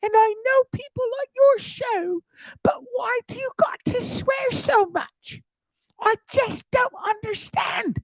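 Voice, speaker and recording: A man imitating his older mother, who gently and sweetly scolds her son in a pleading, bewildered way. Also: very high voice, takes it slowly, no echo, lo-fi sound, pitched above the performer's own voice, heavily acted.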